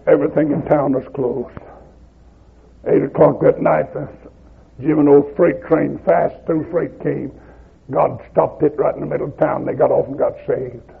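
Gravelly old Southern preacher on scratchy tape. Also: male voice, a little high, narrow, tinny audio. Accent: Southern American. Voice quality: gravelly, husky voice. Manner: rhythmic, rising to shouts at climaxes. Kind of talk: revival sermon storytelling.

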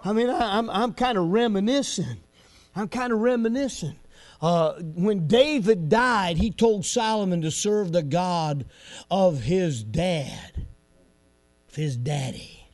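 A pastor who moves between folksy, chatty storytelling and shouted preaching. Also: male voice, sits high, slow. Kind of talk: sermon.

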